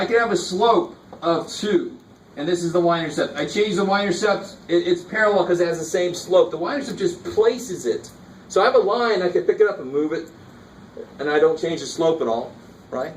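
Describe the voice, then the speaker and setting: A man with a fairly high voice lectures a math class in a casual, engaged way and keeps asking whether the students follow. He was recorded from across a roomy classroom, and a faint hiss sits under the voice. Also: brisk, recorded from a distance. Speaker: math teacher.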